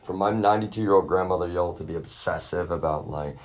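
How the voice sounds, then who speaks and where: A young man with a very low voice vents into his own camera in a long, rambling rant. He swears constantly and keeps on calling his viewers y'all, like a streamer talking straight to his chat. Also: fairly quick. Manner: swears heavily and keeps addressing the audience as y'all. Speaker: livestreamer. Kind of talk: profane rambling rant to a live audience. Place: at his grandmother's residence. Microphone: self-filmed camera.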